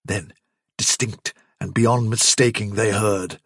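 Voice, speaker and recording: A man narrating a story in a measured, hushed way. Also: fairly low pitch, steady tone, slightly rough, dry recording, clean studio sound. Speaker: audiobook narrator. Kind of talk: scripted narration.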